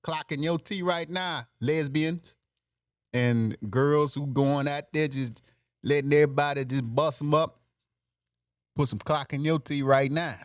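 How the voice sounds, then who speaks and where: In studio-quality audio with no room sound, a podcast host speaks a little slowly in a slightly high, steady voice. He delivers a casual, brash comic monologue full of jokes, often laughing at his own material.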